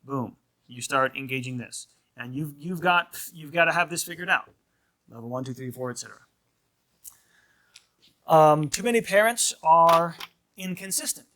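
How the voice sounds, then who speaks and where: A priest teaching a marriage class in a conversational lecture style, often checking in with "right?" and acting out short quoted lines of kids and parents. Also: male voice, a little high, lively intonation, moderate pace, long pauses, pushed and bright. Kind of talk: informal lecture.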